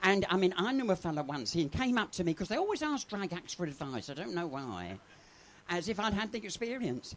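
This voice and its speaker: Bawdy drag comedian, very lively pitch. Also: male voice, fairly quick. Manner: bawdy, chatty, teases the audience. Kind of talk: live stand-up comedy. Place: pub stage with a live audience.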